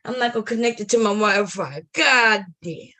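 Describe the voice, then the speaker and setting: A woman streaming late at night, telling a profane comic story and acting out scenes, often loud and animated, into a computer mic. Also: mid-range voice, fast. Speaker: comedy streamer.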